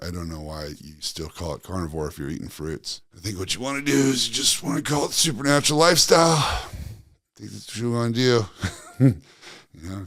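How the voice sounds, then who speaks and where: A man with a low voice speaks bluntly and casually, swearing freely. He talks in a loose, conversational manner. The recording is dry and close, with no room sound. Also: gravelly, dry recording. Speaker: wellness coach. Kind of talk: casual monologue.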